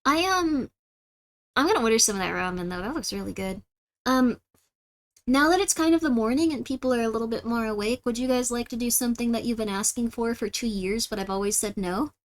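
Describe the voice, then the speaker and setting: A woman's voice: fairly high pitch, a little fast. A woman with a Californian Valley Girl accent who hosts a livestream, chatting casually with viewers and saying "like" constantly. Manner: says "like" constantly, chatty and rambling. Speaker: livestream host. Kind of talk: casual stream chat, reacting to viewers.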